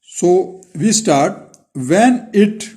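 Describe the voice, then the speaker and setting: Pakistani male teacher, slow classroom dictation. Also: sits high, lively intonation, mellow. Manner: reads each blank aloud, then repeats the full sentence. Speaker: school teacher.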